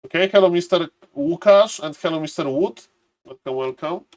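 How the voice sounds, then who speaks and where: A man's voice: on the high side, moderate pace, darkish tone, dry recording, studio quality. A man chatting casually on a live stream, greeting viewers by name and thinking aloud as he waits for a match. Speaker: streamer and caster.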